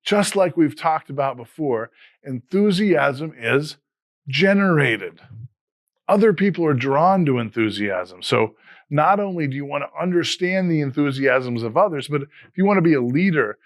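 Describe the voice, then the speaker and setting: A man's voice: on the high side, expressive, no room sound. A man in his fifties, an educator, giving a scripted, earnest motivational talk to fellow teachers. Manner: earnest, motivational, measured delivery. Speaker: educator and podcast host.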